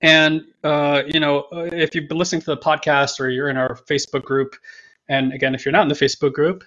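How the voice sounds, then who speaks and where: A man's voice: fairly high pitch, little pitch movement, a little fast, a bit bright. A man co-hosting a podcast in casual talk, rambling, repeating himself and joking around. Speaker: podcast co-host. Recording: dull lo-fi sound.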